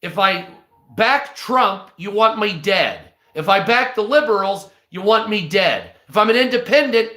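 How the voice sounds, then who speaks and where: A man's voice: high-pitched, expressive, a little slow, pushed and bright, reverberant. A stoned man reading news aloud on a live stream, breaking off into profane, hostile, sarcastic rants.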